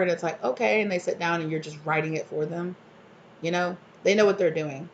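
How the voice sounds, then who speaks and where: A woman's voice: fairly low pitch, fairly quick, dull audio, slight background noise. A woman giving a casual tarot reading, chatting freely and acting out the people she describes in exasperated voices. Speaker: tarot reader.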